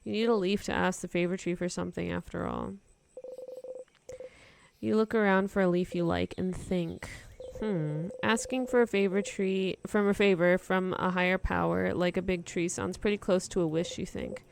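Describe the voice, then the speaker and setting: A woman's voice: on the low side, fairly even intonation, normal speed, vocal fry, slight background noise. A young woman streamer reading a game's narration aloud in a casual, chatty way. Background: game music.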